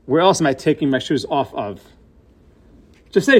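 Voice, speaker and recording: A Torah teacher gives a class lecture in a slightly high, sing-song voice at a moderate pace. He asks questions and then answers them himself, blending Hebrew and Yiddish-style terms into his English.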